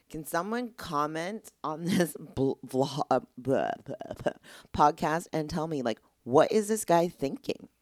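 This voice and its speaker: A woman's voice: low voice, darkish tone, dry recording, clean studio sound. A young woman hosting a casual solo podcast, candid and exasperated, rambling with lots of "like". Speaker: podcast host.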